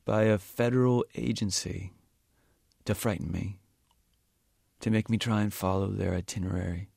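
A man's voice: lowish voice, steady tone, moderate pace, gravelly, husky, dry recording, clean studio sound. A man voicing a paranoid sixteen-year-old boy who speaks in tense, insistent bursts. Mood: agitated. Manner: tense, insistent, loud outbursts.

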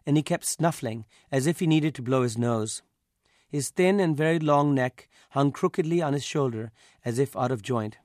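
A man, the author, reading his own literary story aloud in a measured, even way. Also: mid-range voice, dry recording, studio quality.

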